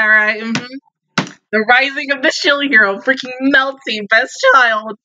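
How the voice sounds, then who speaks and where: A woman's voice: fairly high pitch, steady tone, a little slow, bright, forceful tone, no echo, muffled recording. A young woman reacting to an anime, emotional and exclaiming as she talks to the screen. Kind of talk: casual reaction commentary.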